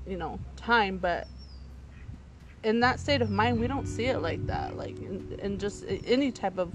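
High-voiced man hosting a recovery chat. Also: moderate pace, noisy background. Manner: affirming, frequent backchannels and laughs. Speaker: podcast host. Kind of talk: supportive conversational interview.

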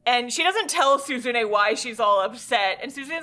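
A woman with a bright, forceful voice, casually recapping an anime for a podcast. She talks a little higher than most women and swears freely. She acts out the characters' lines as she goes. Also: moderate pace, soft background music. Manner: animated storyteller who acts out characters' lines. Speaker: podcast co-host.

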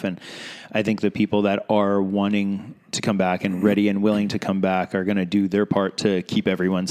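A man's voice: on the low side, a little mellow. A man hosting a casual podcast interview, talking in a laid-back, chatty way with plenty of fillers. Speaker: podcast host.

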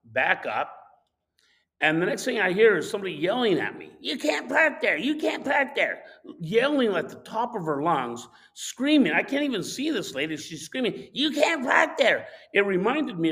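A man casually telling a personal anecdote, animated and acting out the shouting of people in it. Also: on the high side, rough recording. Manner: animated, acts out shouted quotes. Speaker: storyteller.

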